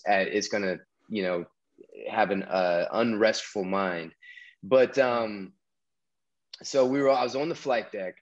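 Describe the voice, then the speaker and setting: As a guest on a podcast, a Southern American man with a mid-range voice rambles through a long story, casual and packed with fillers and restarts. The recording has its highs cut off.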